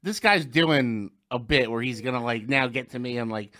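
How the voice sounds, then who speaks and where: A man's voice: mid-range voice, moderate pace, bright, forceful tone. A man telling a comedy story in casual podcast chat, laid-back and wry. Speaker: comedian guest.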